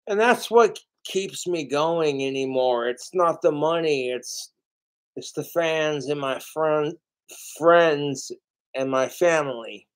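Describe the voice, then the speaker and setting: A man drags through a live stream at an unhurried crawl, his voice sitting a little high. He curses freely and loops back over the same thoughts. He has been drinking, and it comes out as self-pity. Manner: profane, self-pitying, meandering with restarts. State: drinking alcohol. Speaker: YouTuber livestreaming cooking videos. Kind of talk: rambling livestream monologue.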